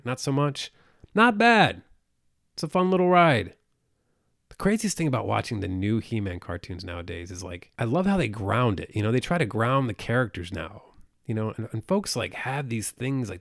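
A man's voice: mid-range voice, dry recording, studio quality. A man hosting a solo podcast, rambling in a crude, sarcastic, self-mocking way. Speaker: podcast host. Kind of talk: solo casual podcast rant.

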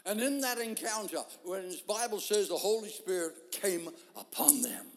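A man preaching a sermon, telling a story in an animated way and acting out the voices of people in it. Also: high-pitched, normal speed. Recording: long hall reverb.

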